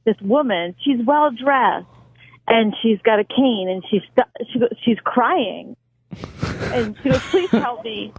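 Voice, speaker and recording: A woman's voice: a little high, unhurried, poor audio. Woman calling in, telling a story, chatty and laughing a lot, little noise behind. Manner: chatty, laughing, self-deprecating. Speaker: co-host calling in by phone. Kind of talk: casual storytelling.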